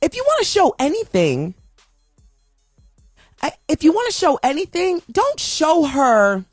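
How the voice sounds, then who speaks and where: A woman with a high voice rants in an emotional vlog, her pitch swinging widely as she repeats herself and restarts her sentences. She sounds upset and heartfelt throughout. The recording is dry and close, with faint music behind her. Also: dry recording. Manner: impassioned, repetitive ranting with many restarts. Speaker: video commentator.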